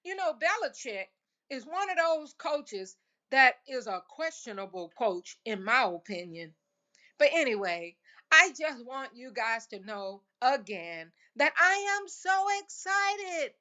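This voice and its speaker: A woman's voice: on the high side, big pitch swings, measured pace, sharp tone. A woman hosting her own football podcast, cheering with exuberant, emphatic repetition and churchy exclamations. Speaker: podcast host. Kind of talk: enthusiastic solo sports podcast.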